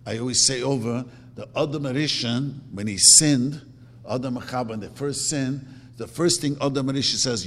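A man's voice: mid-range voice, moderate pace. A man teaching a religious lecture, emphatic, repeating his words and acting out quotes. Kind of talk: Torah lecture. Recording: long hall reverb.

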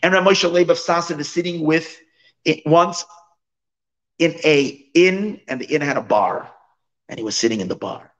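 A man, a rabbi, giving a sermon through expressive storytelling. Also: a little high, moderate pace, low-quality recording.

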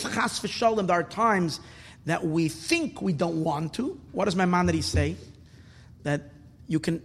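A man giving an impassioned sermon as a religious teacher, repeating words for emphasis and swelling toward shouts. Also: sits high, husky. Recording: long reverb in a hall.

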